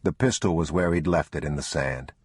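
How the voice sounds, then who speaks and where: Deep, husky male narrator. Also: a little fast, a little mellow, no room sound. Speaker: audiobook narrator. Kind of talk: scripted narration.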